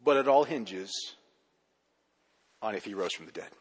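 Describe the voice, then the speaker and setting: A man preaching a sermon as pastor, pressing hard on key words and then dropping low and quiet at the ends of his points. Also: animated, moderate pace, big-room sound, a little hiss or hum. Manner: emphatic, swinging between loud urgent stresses and low quiet endings.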